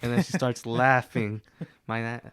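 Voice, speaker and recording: Smooth-voiced easygoing man, dry mic. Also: mid-range voice, level tone, moderate pace, a bit bright, dry recording. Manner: easygoing, calls people "man". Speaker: podcast co-host. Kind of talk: casual chat.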